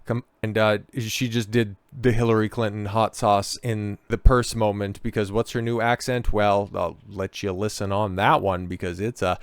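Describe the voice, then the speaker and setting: Man, commentary vlog host, sarcastic, mocking asides, smooth voice, dry close sound. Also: lowish voice, flat delivery, moderate pace, few pauses, no room sound.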